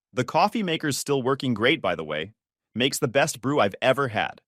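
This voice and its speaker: Male first-person narrator, blunt and matter-of-fact, lively pitch, dry close recording. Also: normal speed, no room sound.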